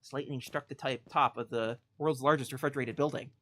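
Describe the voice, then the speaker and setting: A woman streaming a game, telling a mock-epic tale in a theatrical way, swinging from loud declarations to hushed asides and laughing often. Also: rumbling low, steady tone, brisk, a little hiss or hum.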